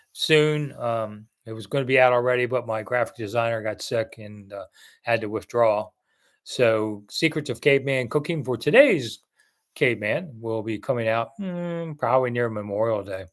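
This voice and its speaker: A man's voice: mid-range voice, moderate pace. Male live-stream host from Washington, D.C., mid-range voice, rambling and conversational, reads and answers the chat. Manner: rambling, chatty, answering viewer comments one by one.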